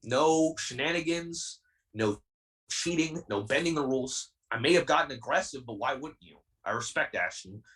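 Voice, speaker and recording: Heated young wrestler guy ranting on a podcast, defiant, keeps repeating himself, normal pitch, kinda far from the mic. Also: expressive, moderate pace, a bit bright. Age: 20s. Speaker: wrestler guest.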